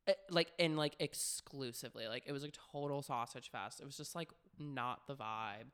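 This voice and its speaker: A man's voice: medium pitch, moderate pace, fairly bright tone, clean tone. A young man co-hosting a podcast, telling frank, profane stories in casual chat with constant "like" fillers. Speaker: podcast co-host.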